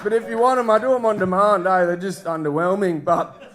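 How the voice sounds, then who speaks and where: A young Australian man doing stand-up with a high-pitched voice that rambles crudely and breaks into laughter at his own lines. He is heard from a little way off the mic. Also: fairly quick, fairly bright tone. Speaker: stand-up comedian. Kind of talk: stand-up comedy set. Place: live comedy club stage.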